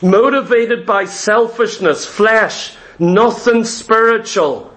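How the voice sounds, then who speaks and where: A man with a strikingly high voice delivers a sermon to his church. He drives points home through repetition and pointed rhetorical questions, speaking straight to the congregation. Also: takes it slowly, a bit bright. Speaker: pastor. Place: church meeting room.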